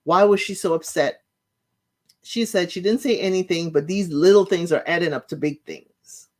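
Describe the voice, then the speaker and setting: A woman's voice: fairly low pitch, normal speed, a little mellow. A woman hosting her own channel, chatting casually as she recaps reality show episodes and retells the scenes in her own words.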